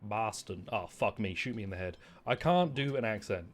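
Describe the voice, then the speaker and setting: A man streams a game and talks over it in a loose, rambling way. He jokes at his own expense and now and then breaks into loud outbursts. His pitch swings widely as he goes. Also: animated, normal speed. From not American. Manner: rambling, self-mocking, jokey, often bursts out loud. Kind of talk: casual gameplay commentary.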